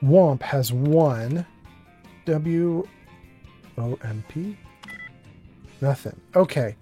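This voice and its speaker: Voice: mid-range voice, lively intonation, drawn-out words, dark tone. Rambling streamer, faint music behind. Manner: rambling, self-deprecating, many fillers. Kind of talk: gameplay commentary and storytelling.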